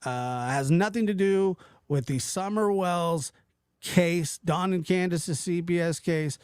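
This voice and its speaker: A man hosting a casual livestream, talking to his chat in a rambling, animated way, often stopping and restarting. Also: sits high, slow, smooth, dry recording, clean studio sound. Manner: animated, rambling, self-interrupting, mimics voices in quotes. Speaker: livestream host reading chat.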